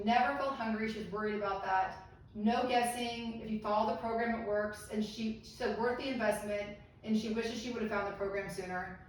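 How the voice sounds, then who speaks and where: Earnest woman presenting in an echoey room. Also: a little high. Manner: earnest, encouraging, asks the audience questions. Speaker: medical seminar presenter. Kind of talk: live seminar presentation. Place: seminar room. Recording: echoey room from far off, faint noise.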